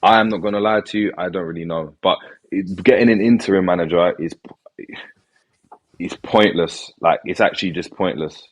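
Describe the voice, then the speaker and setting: A man on a football panel giving his opinion in a measured, thoughtful way. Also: low voice. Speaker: panel guest. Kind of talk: casual football discussion.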